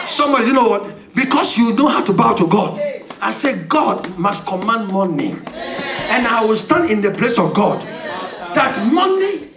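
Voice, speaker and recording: A man preaching a fiery sermon as pastor, shouting and calling for responses from the congregation. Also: high voice, very animated, normal speed, recorded from a distance, over a noisy crowd, heavy background noise. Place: church. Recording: echoey church hall, mic from afar, congregation.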